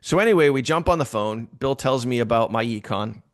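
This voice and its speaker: A man telling a casual story to his team, animated and repeating phrases for emphasis. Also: mid-range voice, a little fast, no room sound, studio quality.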